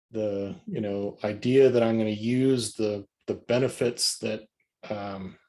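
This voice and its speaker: A man's voice: fairly low pitch, a little mellow. A man playing in a tabletop game, talking hesitantly and searching for words as he decides his actions. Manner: hesitant, full of fillers and restarts. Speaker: player.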